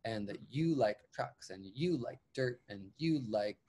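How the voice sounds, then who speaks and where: A man's voice: mid-range voice, expressive, a little slow, dark tone. A man from Canada, a drag clown performer, telling his own story in an interview in an earnest, reflective way with emphatic repeated phrasing. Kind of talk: candid personal storytelling.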